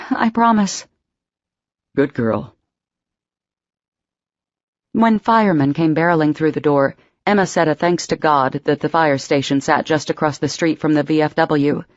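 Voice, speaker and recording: A woman's voice: low-pitched, no echo, dull audio. Woman narrating an audiobook. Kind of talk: scripted narration.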